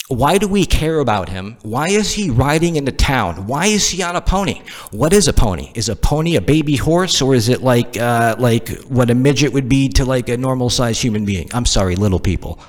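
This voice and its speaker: A man from the Northeast US delivering a profane comedic rant, firing off exasperated rhetorical questions. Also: mid-range voice.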